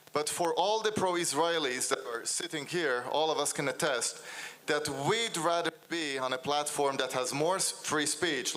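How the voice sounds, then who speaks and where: Male panelist, bright and forceful tone, confident and argumentative. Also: on the high side. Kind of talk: conference panel speech.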